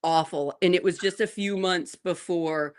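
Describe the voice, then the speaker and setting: A woman in her forties, co-hosting a morning show, telling a family story in a lively way and laughing often. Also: lowish voice, moderate pace. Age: 40s. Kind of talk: casual chat.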